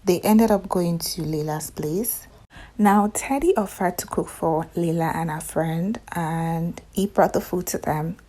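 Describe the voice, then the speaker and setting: A woman's voice: on the low side, unhurried, warm tone. A woman casually recapping a romantic movie for her viewers, chatty and gushing, breaking into sudden squealed exclamations.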